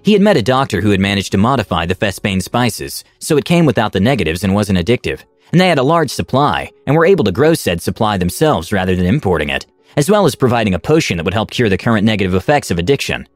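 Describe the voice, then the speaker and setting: Guy reading a fantasy story aloud, really lively pitch, dry close mic, faint music behind. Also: fast, hardly any pauses, no room sound. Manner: expressive, animated reading. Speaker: narrator. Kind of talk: storybook narration of a fantasy tale.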